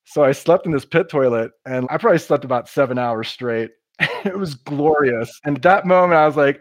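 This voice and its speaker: A man's voice: a little high, fairly quick, no room sound. A man, a podcast guest, telling a hiking story in a casual, descriptive way. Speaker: guest, long-distance hiker.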